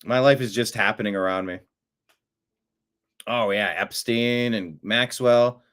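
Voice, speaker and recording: A man hosting a talk show, giving rambling, opinionated political commentary that swings from mutters to loud outbursts. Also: on the low side, a little slow, clean tone.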